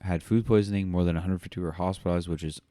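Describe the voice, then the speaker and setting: A man's voice: deep voice, fairly even intonation, rapid-fire, warm tone, no room sound. A man co-hosting a podcast, reading news aloud and commenting in a rambling way with many fillers. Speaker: podcast co-host.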